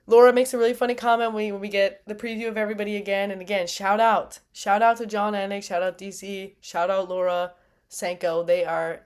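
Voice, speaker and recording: A woman hosting a casual fight recap, chatty and animated, often laughing at herself. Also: mid-range voice, fairly quick. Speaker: fight review host.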